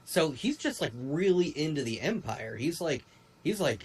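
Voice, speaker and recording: A man co-hosting a casual fan review chat, rambling and animated with quick asides. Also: fairly high pitch, husky, low-quality recording. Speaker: podcast co-host.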